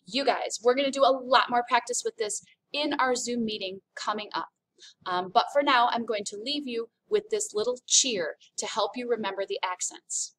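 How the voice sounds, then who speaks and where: Woman from the United States, high voice, upbeat French teacher, slow clear demonstrations. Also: a bit bright. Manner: upbeat, explains slowly and demonstrates sounds. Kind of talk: recorded online lesson.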